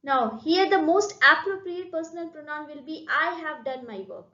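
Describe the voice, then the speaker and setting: High-voiced Indian English woman teaching grammar. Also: sharp tone, reverberant, muffled recording. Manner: slow, repetitive, addresses students with "okay?" and "right?". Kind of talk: classroom lesson explanation.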